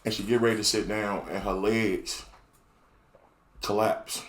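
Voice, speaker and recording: A man's voice: on the low side, measured pace, reverberant. A man telling a crude story on a podcast. He talks loosely and casually and keeps filling in with phrases like "you know.". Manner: crude, loose and lively, with many fillers like "you know what I'm saying". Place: podcast studio.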